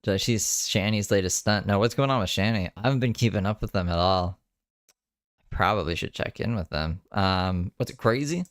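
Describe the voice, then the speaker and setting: Low-voiced sarcastic male streamer. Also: moderate pace. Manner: chatty, sarcastic, laughs often. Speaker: streamer reacting to another streamer. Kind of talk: casual live commentary.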